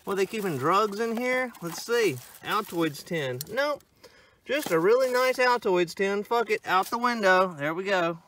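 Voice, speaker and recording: A man's voice: high voice, animated, a little slow, bright, forceful tone, a little hiss or hum. A man, ranting profanely about roadside litter in a casual satirical vlog, walking outdoors along a country road. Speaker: vlogger.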